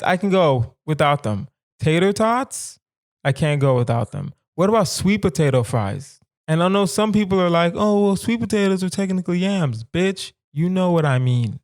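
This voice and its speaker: On his solo comedy podcast, a man in his thirties from the southern United States muses in a casual, rambling, animated style, putting rhetorical questions to listeners. His voice is a little high.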